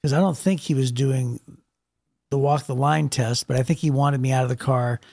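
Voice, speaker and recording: A man's voice: mid-range voice, normal speed, vocal fry, darkish tone. A man from Ohio, a pastor, telling stories in a casual chat with lots of restarts and repeated words. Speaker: pastor and podcast co-host.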